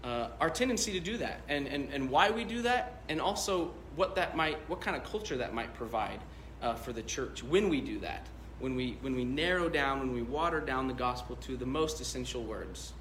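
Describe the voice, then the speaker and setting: A man's voice: medium pitch, lively intonation, moderate pace, few pauses, a bit bright, echoey room, a little hiss or hum. A male pastor preaching a sermon, telling a story in a loose, conversational way with many fillers.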